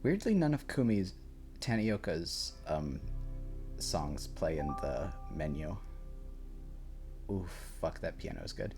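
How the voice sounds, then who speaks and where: This low-voiced man speaks slowly in a sing-song way, leaving long pauses. He's at home in his room, rambling casually with frequent chuckles and the odd curse as a game soundtrack plays softly.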